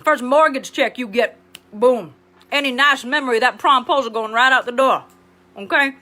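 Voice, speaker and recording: A woman's voice: sits high, moderate pace, bright, forceful tone. A woman playing a brassy, blunt ex-teacher. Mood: sassy. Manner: sassy, rambling, blunt. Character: brassy blunt middle-aged female ex-schoolteacher. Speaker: comedic livestream host character. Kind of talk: improvised character monologue.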